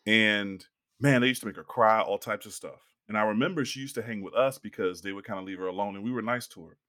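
A young man telling a long story in casual podcast chat, animated and acting out the people he quotes. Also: on the low side, quick pace.

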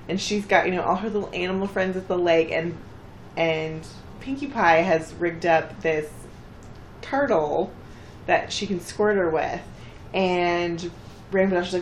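Casual woman co-host, lower voice, roomy sound, acts out quotes. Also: slight background noise. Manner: chatty, acts out characters' lines with bursts of pitch. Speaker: podcast co-host recapping an episode. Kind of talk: casual chat.

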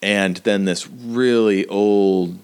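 Very deep, slow-talking male game master. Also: steady tone, darkish tone, clean tone. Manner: slow, halting narration with many fillers. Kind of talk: narrating a tabletop role-playing game.

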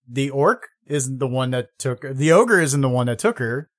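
A man reviews a low-budget fantasy film with friends in loose, joking chat. His pitch swings widely as he mocks the characters' lines. He keeps the tone playful and sarcastic. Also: measured pace. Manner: animated, mocks lines in exaggerated voices. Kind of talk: casual movie review chat.

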